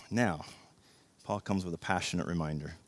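A man preaching a sermon as pastor, passionate, swinging from hushed storytelling to loud, emphatic exhortation. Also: sits low, expressive, unhurried, husky, dry recording.

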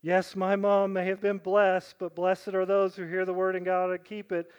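A middle-aged male pastor preaching in a church, his voice pitched high and his tone smooth and resonant. He moves from loud, emphatic questions to quiet asides, and often checks in with the congregation with a casual "right?". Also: monotone, normal speed, dull audio. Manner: conversational, often adding "right?". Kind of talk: sermon. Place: church sanctuary.

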